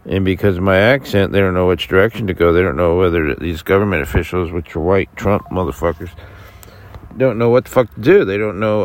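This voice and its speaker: An American man ranting to camera in a rambling, profane way, full of fillers and restarts. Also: low-pitched. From United States. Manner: halting with many fillers and restarts. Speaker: vlogger. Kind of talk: casual rant to camera.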